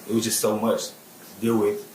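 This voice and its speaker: Man, low and flat, halting witness testimony, roomy courtroom sound. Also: a little hiss or hum. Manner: halting, repeats words, many fillers like "like" and "um". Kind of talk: plain spoken testimony.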